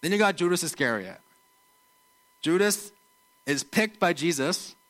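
A man gives a relaxed, chatty sermon in a bright, ringing voice pitched a little above average. He slips into short impressions of the people in his stories. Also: unhurried, low-quality recording. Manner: conversational, animated, acts out quotes. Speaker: preacher.

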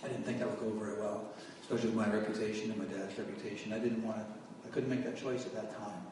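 A man's voice: fairly low pitch, fairly even intonation, quick pace, background noise. A man giving his testimony as a sermon, telling his story and raising his voice at its peaks. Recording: echoey hall from far off.

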